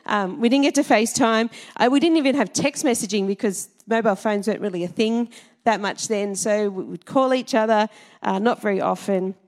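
A woman's voice: medium pitch, fairly quick, darkish tone. A middle-aged Australian woman minister giving a chatty church talk, quizzing the congregation and laughing often. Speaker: Salvation Army minister.

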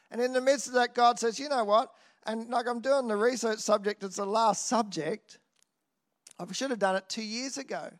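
A man preaching a sermon in an animated way, swinging from loud exclamations to quiet asides and often tossing in a "hey?". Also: very high voice, moderate pace.

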